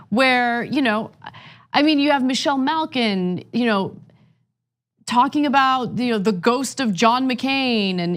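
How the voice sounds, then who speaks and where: A woman hosting political commentary, emphatic and disapproving. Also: on the high side.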